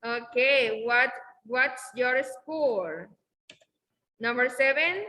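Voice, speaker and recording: A woman teaching an English class who explains slowly and keeps repeating okay and very good. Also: fairly high pitch, bright, forceful tone, rough recording.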